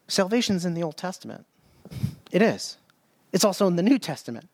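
A man's voice: sits high, sing-song, fairly quick, pauses often. A man preaching a sermon, emphatic and repeating phrases as he reads scripture aloud.

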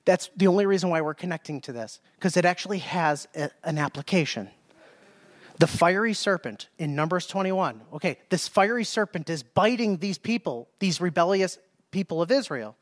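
A man's voice: high voice, expressive, normal speed. A man preaching a Bible-teaching sermon in a conversational way, often checking in with "okay?" and reading scripture aloud in King James wording.

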